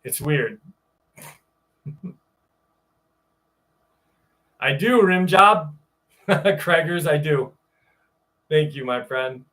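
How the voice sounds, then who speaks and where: A man's voice: on the high side, extremely slow, long pauses, fairly bright tone. A man hosting a live stream, chatting casually with his audience in a loose, joking way that is full of swearing, then reading a story aloud. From upstate New York. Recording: voice a bit distant from the mic.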